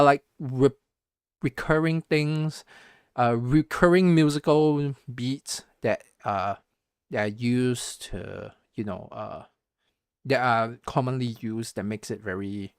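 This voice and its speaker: Male streamer, Southeast Asian English shifting toward American, rambling, hums beats, mid pitch, dry close sound. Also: no room sound. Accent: Southeast Asian English, switching to a more American-sounding accent. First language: not English. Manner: rambling, self-correcting, hums beats aloud. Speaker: live streamer. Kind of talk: casual live stream commentary.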